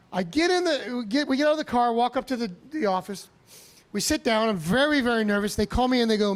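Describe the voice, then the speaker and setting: High-voiced profane stand-up comic. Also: male voice, fast talker. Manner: animated, profane, self-mocking. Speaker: stand-up comedian. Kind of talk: stand-up comedy storytelling. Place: live comedy club stage.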